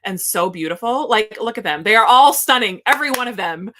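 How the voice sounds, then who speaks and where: A woman co-hosting a podcast in casual chat, excitable and gushing, rambling with lots of fillers. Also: mid-range voice, a little fast, a little hiss or hum. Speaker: podcast co-host.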